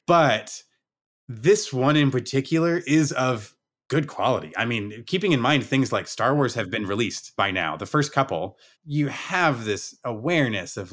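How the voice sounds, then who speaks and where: A man co-hosting a casual podcast, reviewing a movie in a relaxed, enthusiastic way. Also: medium pitch. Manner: relaxed, enthusiastic, occasional swearing. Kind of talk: casual chat.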